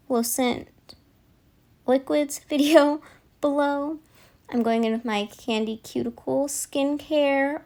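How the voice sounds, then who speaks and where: A woman's voice: a little high, darkish tone. A young woman chatting in a casual voiceover, rambling and chatty, apologizing for how much she talks. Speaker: nail vlogger.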